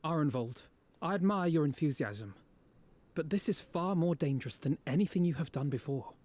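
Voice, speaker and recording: A cautious, worried mentor. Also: male voice, on the high side, lively intonation, a little mellow. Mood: concerned. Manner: measured, worried. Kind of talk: game cutscene voice acting.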